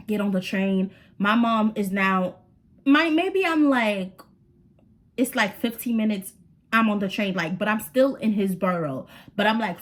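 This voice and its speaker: A young woman telling an animated storytime vlog, slangy and talking straight to her viewers. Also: medium pitch. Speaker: vlogger. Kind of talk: storytime vlog, casual chat.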